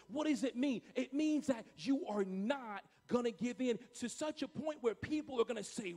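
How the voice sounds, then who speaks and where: A male pastor preaching a sermon emphatically and repetitively, swinging between booming and hushed delivery. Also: expressive, a little fast.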